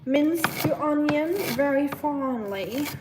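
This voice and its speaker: A woman hosting a casual live cooking stream, chatting with viewers in a relaxed way. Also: sits high, slow pace, very noisy. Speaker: livestream cooking host.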